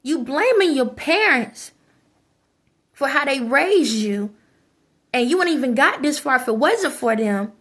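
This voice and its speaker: A high-pitched woman rants straight at her viewers. Her talk is preachy and scolding, hammering points home by repeating them. It is casual, unscripted vlog talk. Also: sing-song, a little slow, pauses often, a bit bright. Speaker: vlogger. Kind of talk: ranting monologue to camera.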